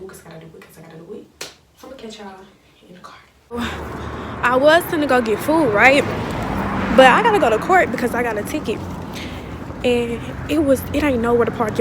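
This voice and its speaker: Young woman vlogger, slangy and chatty, a touch high, phone at arm's length, street noise behind. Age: young adult. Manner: chatty, slangy, talks straight to viewers. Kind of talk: casual vlog to camera. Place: outdoors on city streets and in a car. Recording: noisy street recording with traffic.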